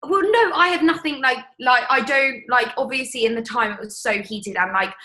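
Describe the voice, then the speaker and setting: A woman's voice: sits high, moderate pace, pushed and bright. A woman talking in a casual chat, emotional and chatty, laughing easily. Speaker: guest.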